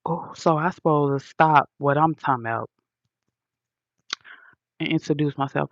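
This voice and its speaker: A woman's voice: low-pitched, normal speed, pauses often, no echo, lo-fi sound. A woman hosting a livestream, answering comments in a blunt, profane, preachy rant full of slang.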